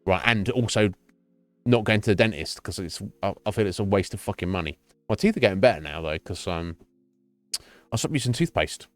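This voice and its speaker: A middle-aged British man with a low voice talks in a loose, rambling way, repeating himself and swearing freely. The sound is dry and close, with faint music underneath. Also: animated, brisk, no echo. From Britain. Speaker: streamer. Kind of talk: casual chat to stream chat.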